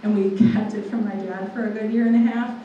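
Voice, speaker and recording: A woman in her twenties giving a personal testimony to a live audience, telling it in a lively way and acting out what people said. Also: mid-range voice, fairly quick, highs cut off, a little hiss or hum. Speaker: guest speaker. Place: large room with a live audience. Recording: echoey hall, voice from far off.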